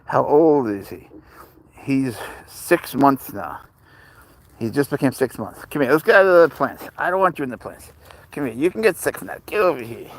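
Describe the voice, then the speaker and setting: A man hosting a live stream outdoors at night on a phone, rambling and joking with viewers while talking softly to his cat. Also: medium pitch, expressive, moderate pace, no room sound. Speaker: livestream host. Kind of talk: casual live-stream chat.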